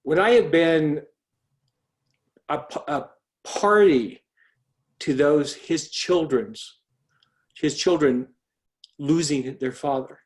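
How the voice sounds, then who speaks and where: A middle-aged man quietly telling a personal faith testimony on a call, earnest, with frequent restarts. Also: a little high, slow, long pauses. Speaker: speaker sharing a testimony. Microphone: call audio.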